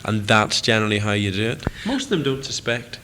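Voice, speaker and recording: A man's voice: lowish voice, lively intonation, a little fast, pushed and bright, slight background noise. A young man with a Northern Irish accent, a guest telling funny stories in a casual chat and laughing as he goes. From Northern Ireland. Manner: chatty, jokey, laughs through stories. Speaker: TV presenter, radio guest. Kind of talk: casual chat, anecdotal storytelling.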